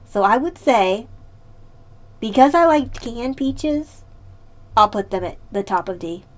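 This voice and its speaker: A woman's voice: fairly high pitch, lively intonation, slow. A woman live-streaming in casual chat, playful and talkative, answering her chat and laughing often.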